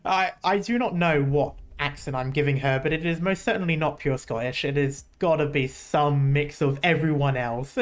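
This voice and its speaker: A woman's voice: deep voice, normal speed. A woman gaming streamer giving casual reaction commentary, laughing a lot and swearing in rambling asides.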